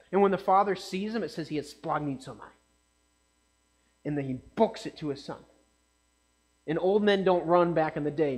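A man preaching a casual sermon in a conversational way, often checking in with his listeners. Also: high-pitched.

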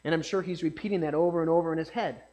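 A man's voice: a little high, fairly even intonation, rapid-fire, mellow. A man preaching a casual sermon in a conversational way, often checking in with his listeners.

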